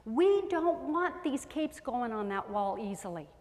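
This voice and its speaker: A woman giving a lively parenting seminar talk to an audience, often acting out voices of parents and children. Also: on the high side, unhurried. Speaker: parenting speaker. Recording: echoey hall with long reverb.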